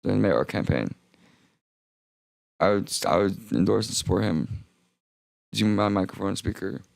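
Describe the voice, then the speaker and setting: Low, gravelly young man rambling on stream. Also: animated, moderate pace, no room sound. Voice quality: vocal fry. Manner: rambling, profane, self-interrupting. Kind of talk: rambling livestream monologue.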